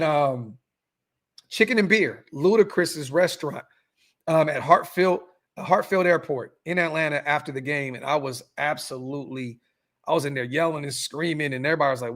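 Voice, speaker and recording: A man's voice: on the high side, vocal fry, a bit bright. A man hosting a casual sports fan podcast, ranting bluntly with lots of fillers, repeats and swearing. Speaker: podcast host.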